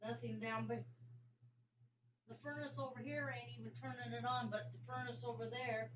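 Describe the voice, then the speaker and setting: A woman's voice: a little high, fairly even intonation, normal speed, a little hiss or hum. A woman paranormal investigator talks in a casual, matter-of-fact way while explaining readings. She sits well back from the mic in an echoey room of an old house. The recording sounds dull and lo-fi. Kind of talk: casual chat during an investigation. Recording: roomy, distant, muffled lo-fi.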